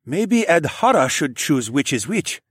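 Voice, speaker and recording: A man's voice: fairly high pitch, big pitch swings, measured pace, a bit bright, breathy edge, no room sound, studio quality, voice pushed up, heavily acted. A man voicing a friendly, helpful young man in an audiobook.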